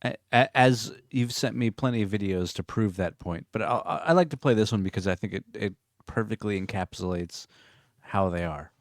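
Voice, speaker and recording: A man's voice: lowish voice, brisk, dry recording, clean studio sound. A man co-hosting a comedy podcast, chatting casually with short, laid-back replies and hesitant restarts. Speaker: podcast co-host. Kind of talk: casual chat.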